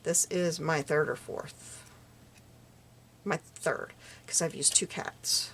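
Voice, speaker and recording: A woman's voice: deep voice, steady tone, takes it slowly, a bit bright, a little hiss or hum. A woman chatting casually while she makes paper crafts, muttering little asides to herself as she works. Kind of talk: casual crafting tutorial chat.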